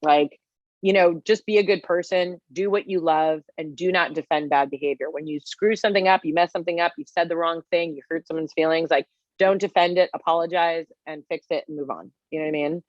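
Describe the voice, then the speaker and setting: A woman's voice: low-pitched, brisk, dry recording, highs cut off. A woman in her forties, a guest chef, telling stories in a casual interview with lots of fillers. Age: 40s. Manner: animated storytelling with many fillers.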